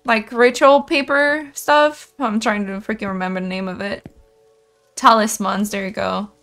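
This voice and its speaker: A woman's voice: mid-range voice, fairly even intonation, normal speed, a bit bright, faint music behind. A young woman streaming a horror game, talking to her chat and anxiously repeating pleas as she plays. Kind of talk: horror game let's play.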